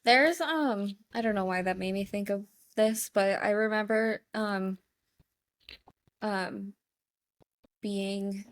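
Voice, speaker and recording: Woman, podcast co-host, casual chat, easygoing, mid pitch, dry sound. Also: slow pace, pauses often, dry recording. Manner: easygoing, laughs often, short agreeing replies.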